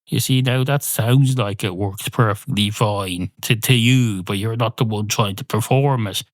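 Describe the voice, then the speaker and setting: A man's voice: fairly low pitch, measured pace, no room sound, clean studio sound. A man hosting a podcast, rambling through a playful comic monologue, often cutting himself off and swearing freely. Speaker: podcast host.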